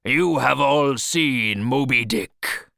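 Captain Ahab, a man shouting as an obsessed old sea captain. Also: lowish voice, huge pitch swings, vocal fry, no room sound, clean studio sound, heavily acted. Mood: wild. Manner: shouting, drawn-out, fervent.

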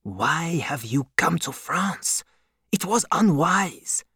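Brief: narrator playing a grim wine-shop keeper, hushed and clipped, dry close sound. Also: male voice, lively intonation, slow pace, breathy edge, dry recording, full character voice. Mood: guarded. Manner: low, quiet, curt delivery.

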